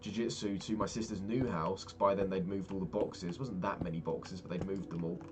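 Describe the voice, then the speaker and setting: Here a young man with a deep, fairly even voice speaks briskly, casually swearing as he spins a rambling story mid-game. He's a vlogger, and keyboard clicks run under the recording.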